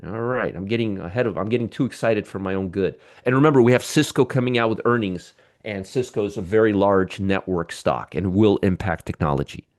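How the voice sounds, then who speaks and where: Middle-aged man, lowish voice, host of a live market show; excitable and joking, talks right to the viewers. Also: fairly quick.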